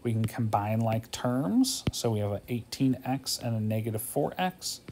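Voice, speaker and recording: A man with a gravelly, creaky voice at an everyday middle pitch talks through a math lesson. He sounds tired and casual, thinking aloud and asking "okay?" again and again as he works each step. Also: expressive, normal speed, background noise. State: tired, yawning. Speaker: math teacher. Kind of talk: homework walkthrough lesson.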